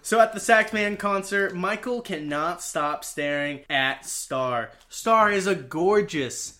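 A man's voice: sits high, lively intonation, slow, bright, forceful tone. A man co-hosting a casual podcast, retelling a movie plot with wry offhand asides. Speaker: podcast co-host.

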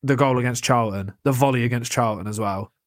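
Talking football as a co-host, this young man's mid-range voice is passionate and fast, full of restarts as he trips over himself. The recording is dry and studio quality.

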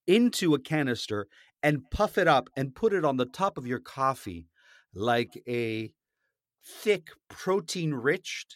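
A man in casual podcast chat, blunt and animated, with the odd swear. His voice sits mid-range. The sound is dry and close, with no room echo. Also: medium pitch, a little slow. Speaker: podcast co-host.

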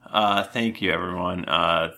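A man's voice: deep voice, steady tone, measured pace, sharp tone. A man hosting a podcast who thanks listeners and co-hosts in a dry, offhand way. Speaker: podcast host and game master. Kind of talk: casual chat.

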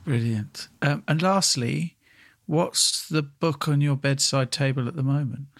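A man hosting an interview podcast, asking questions and reading promotional announcements briskly. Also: a little high, a bit bright. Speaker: podcast host.

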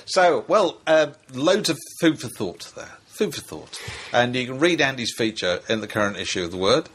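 A man hosting a magazine podcast in a relaxed, chatty way. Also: mid-range voice, moderate pace, breathy edge. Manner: easygoing, wraps up segments. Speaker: podcast host.

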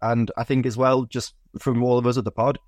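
A man's voice: medium pitch, little pitch movement, a little fast, a little mellow, dry recording, clean studio sound. A man hosting a podcast, chatting casually and offering friendly congratulations. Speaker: podcast host. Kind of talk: casual interview chat.

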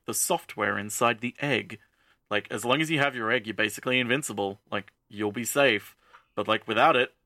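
A man quoting a calm, cold magical creature as it explains the rules offhandedly, close to his own voice. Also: medium pitch, dry recording, close to an everyday voice.

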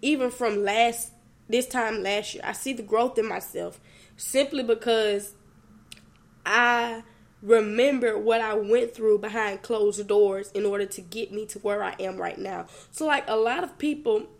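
A woman's voice: mid-range voice, a little slow, creaky. A young woman hosting a faith podcast, talking earnestly and tearfully to her listeners in a casual conversational way. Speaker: podcast host. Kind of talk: personal faith reflection.

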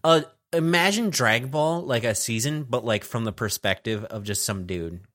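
Bright, dry-sounding man joking around. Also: medium pitch, lively intonation, moderate pace, dry recording. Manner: jokey, profane, laughs at his own bits. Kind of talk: casual chat reacting to anime.

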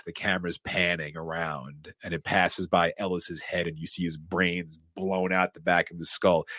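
A man hosting a podcast, recapping a movie scene by scene in an excited, chatty storytelling way. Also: low-pitched, no echo. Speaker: podcast host. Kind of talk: casual film recap chat.

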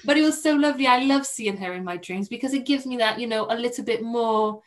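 A woman's voice: fairly high pitch, fast talker, a crowd in the background. Young woman, chatting on a podcast, gets emotional telling stories. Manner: emotional, animated storytelling with acted quotes. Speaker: podcast guest. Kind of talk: casual chat.

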